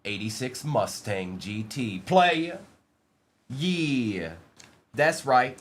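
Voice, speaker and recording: A man's voice: medium pitch, lively intonation, extremely slow. A man hosting a live-streamed trading card break, reading out player names and bantering with the chat in a playful way.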